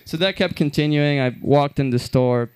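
A man's voice: fairly high pitch, moderate pace, darkish tone, clear, resonant tone. A young man from Belgium telling stand-up stories in a loose, rambling way with lots of fillers and restarts. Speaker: stand-up comedian. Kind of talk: stand-up comedy storytelling.

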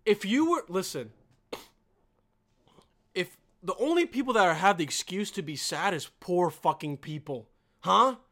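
A man hosting a reaction video, delivering a profane, exasperated comedic rant that keeps jumping into yelling. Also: high-pitched, expressive, unhurried, long pauses. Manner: foul-mouthed, exasperated, swings into yelling.

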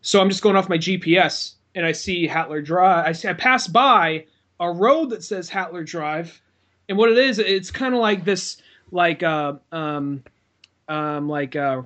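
A man's voice: sits high, unhurried, fairly bright tone. A man co-hosting a podcast, chatting casually, rambling and swearing as he searches for words. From California. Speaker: podcast co-host. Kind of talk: casual chat.

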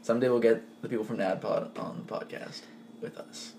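A man co-hosting a podcast in casual chat, relaxed and joking, laughing often. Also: lowish voice, brisk, vocal fry, slight background noise. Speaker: podcast co-host.

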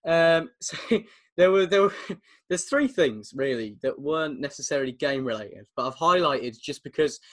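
A young English man co-hosting a casual football podcast over a video call, chatty and quick to laugh. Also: on the high side, lively intonation. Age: young adult. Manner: chatty, laughs often, teasing. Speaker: podcast co-host.

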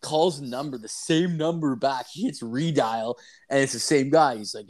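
A man's voice: mid-range voice, normal speed, a little mellow. A man co-hosting a podcast, telling rambling anecdotes full of swearing in casual chat. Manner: profane rambling storytelling. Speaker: podcast co-host.

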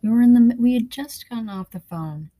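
A woman's voice: on the high side, brisk, warm tone. A young adult woman chatting casually as a podcast co-host, telling a story and swearing freely. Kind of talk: casual chat.

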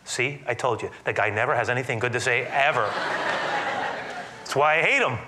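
A man's voice: mid-range voice, a little fast, very noisy, lightly acted. A man voicing an exasperated, resentful king who speaks sharply. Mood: grumbling.

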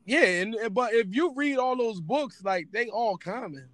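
Higher-voiced dude, laughing and riffing on a podcast, dry close sound. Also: male voice, moderate pace, no room sound. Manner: animated, laughing, mocking impressions. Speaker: podcast co-host. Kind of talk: casual chat.

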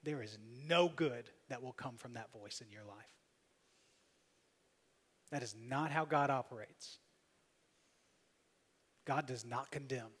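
A man preaching a sermon as pastor, emphatic, swinging between loud appeals and soft, quiet asides. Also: medium pitch, slow, long pauses. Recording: long hall reverb.

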